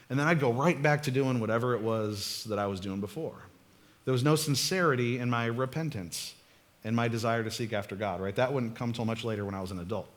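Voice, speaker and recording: Casual joking pastor telling a story. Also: male voice, mid-range voice. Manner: casual, joking, laughs often, talks straight to the congregation. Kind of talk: conversational sermon with storytelling. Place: church sanctuary.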